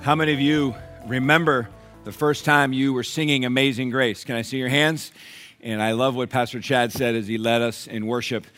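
A pastor preaching a sermon in church, animated, asking the congregation questions. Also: male voice, mid-range voice, normal speed, faint music behind.

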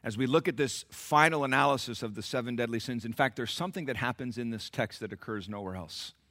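At a quick pace, a middle-aged male pastor preaches, going quiet and confiding before rising into loud exclamations as he acts out the figures in the text.

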